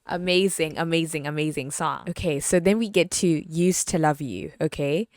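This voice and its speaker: A woman's voice: low voice, moderate pace, no room sound, studio quality. A woman hosting a podcast, chatting casually about an album, filling her talk with "like" and breaking into sung lines. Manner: chatty, says "like" a lot, sings lyric snippets. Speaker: podcast host. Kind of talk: casual album review chat.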